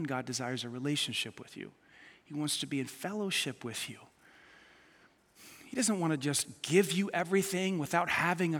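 A male pastor preaching an animated, emphatic sermon to a congregation, acting out the people he quotes. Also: on the high side, long reverb tail. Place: church auditorium with a live congregation.

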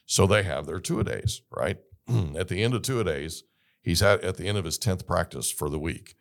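A middle-aged man hosting an interview, telling a lively story and acting out the dialogue. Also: low-pitched, normal speed, vocal fry. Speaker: podcast host.

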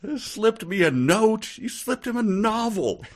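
A man's voice: high-pitched, sing-song, measured pace. A man co-hosting a comedy podcast, wryly riffing on a book's plot with mock dialogue. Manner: wry, riffs with mock dialogue. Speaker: podcast co-host. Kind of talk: comedic book-reading podcast chat.

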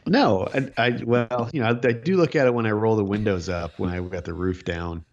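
A man's voice: fairly low pitch, a little fast, dull audio. A man co-hosting a casual chat show, talking in a chatty, joking way and chuckling often. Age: older. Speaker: podcast co-host.

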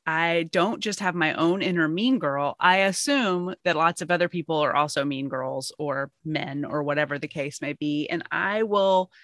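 A woman's voice: low-pitched, moderate pace, hardly any pauses, a bit bright, no echo, clean studio sound. A woman hosting a podcast conversation, speaking openly and reflectively as she asks her guest questions.

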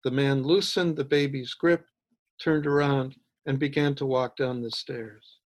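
Slow, measured male author reading. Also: medium pitch, steady tone. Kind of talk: reading his own fiction aloud.

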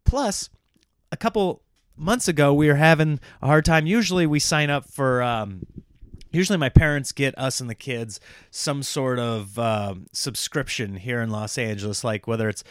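A man in his thirties talks loosely through a comedy podcast monologue, drifting off-topic and poking fun at himself. His voice is smooth and resonant, at an ordinary pitch. The sound is dry and close, with no room around it. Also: dry recording. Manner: rambling, self-mocking, jokey. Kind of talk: casual monologue.

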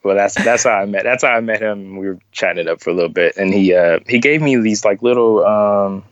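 A man chatting casually on a podcast, telling stories in a rambling, halting way with many restarts. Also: fairly low pitch, no room sound, muffled recording. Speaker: podcast guest, sneaker collector. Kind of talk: casual chat.

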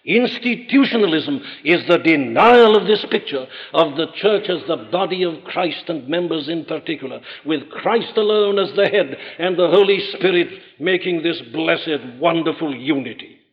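A man preaching a sermon in an emphatic, rhetorical manner, rising to forceful peaks. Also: a little high, lively intonation, normal speed, hardly any pauses. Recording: dull old recording in a large reverberant hall.

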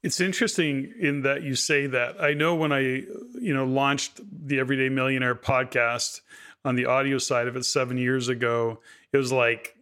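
Male podcast host, bright, forward voice, chatty and reflective, talks in long asides. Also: mid-range voice, moderate pace. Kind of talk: conversational interview.

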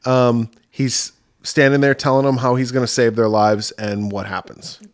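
A man's voice: medium pitch, level tone, moderate pace. A man co-hosting a podcast in casual chat, blunt and swearing freely as he acts out movie lines. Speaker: podcast co-host.

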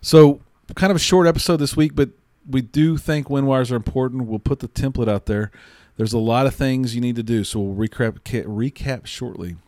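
In a studio-quality recording with no echo, a man co-hosts a casual podcast chat, giving punchy motivational tips and repeating catchphrases. His voice is medium-pitched and a little mellow, at a moderate pace.

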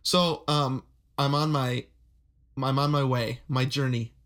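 A man co-hosting a podcast in casual chat, relaxed and rambling, laughing often, with a flat Midwestern accent. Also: medium pitch, slow. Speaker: podcast co-host.

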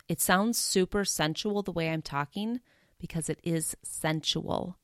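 Lively low-voiced woman podcaster. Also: clear, resonant tone, dry recording, studio quality. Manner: animated and confessional, speeding up into rapid repeated promises. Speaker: podcast host. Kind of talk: casual solo podcast talk.

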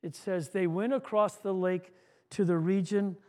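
Man, pastor, high voice, earnest sermon, repeats words. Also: steady tone, measured pace, darkish tone. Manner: earnest preaching, repeats words, acts out a joke story.

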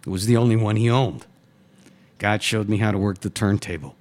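A man, a writer, reading his own first-person short story aloud in a steady, matter-of-fact way. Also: lowish voice, a little fast.

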